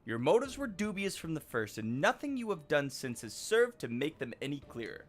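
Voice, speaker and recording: A man playing a stern older male engineer who scolds in a firm, loud voice. The tone is pitched up and carrying. Each line is clipped and reproachful. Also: big pitch swings, a little fast.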